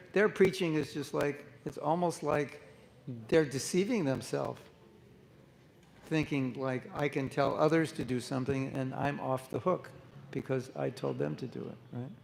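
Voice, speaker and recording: A man's voice: fairly high pitch, gravelly, slight background noise, rough recording. A man giving a conversational sermon to a live group, asking the audience questions and acting out the voices he quotes. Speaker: monk giving a spiritual talk.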